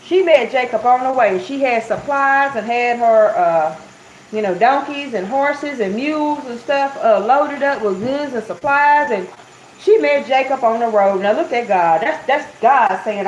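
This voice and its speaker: Kobieta głosząca kazanie, przytłumione nagranie w pogłosie. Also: female voice, a little high, normal speed. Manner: conversational, addresses listeners as y'all, acts out quotes. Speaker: preacher sharing a Bible story. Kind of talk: informal sermon, storytelling. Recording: muffled, roomy, faint hiss.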